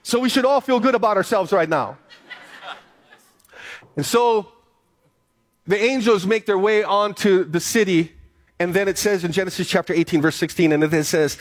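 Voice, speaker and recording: A man's voice: high voice, normal speed, long pauses. A male pastor preaching a sermon, reading scripture aloud and then urging the congregation on with repeated phrases. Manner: reads scripture aloud, then exhorts with repetition.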